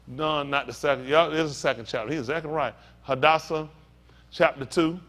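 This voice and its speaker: A man's voice: a little high, brisk, fairly bright tone, slight background noise. A male pastor teaching a sermon in a conversational storytelling way, talking straight to the congregation.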